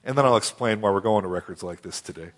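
A man preaching a sermon, telling a scripture story in a folksy, animated way with rhetorical questions. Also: fairly low pitch, fast talker. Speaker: pastor. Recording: long hall reverb.

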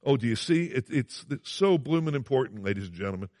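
A man's voice: medium pitch, expressive, fast, darkish tone, dry recording, clean studio sound. A man preaching a sermon, earnest and emphatic, repeating phrases and asking his listeners questions.

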